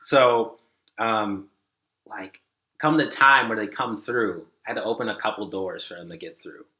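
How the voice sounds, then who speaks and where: Brief: male podcast guest, lowish forceful voice, rambling storyteller full of fillers, echoey room. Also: normal speed. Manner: rambling, many "like" fillers, acts out quoted dialogue. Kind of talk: casual storytelling.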